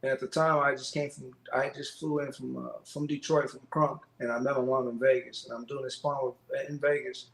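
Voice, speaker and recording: A man, a professional boxer, telling fight stories in a casual interview, animated and profane, acting out quotes. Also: medium pitch, a little fast, gravelly, hardly any pauses, roomy sound.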